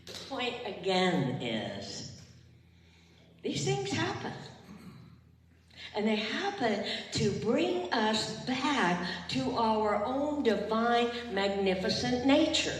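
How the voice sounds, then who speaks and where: Older woman minister, slow heartfelt sermon, heard from a distance in a reverberant chapel. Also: a little high, sing-song, a little hiss or hum. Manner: emotional, heartfelt, leads the congregation in call and response. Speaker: retired minister. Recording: echoey hall, far from the mic.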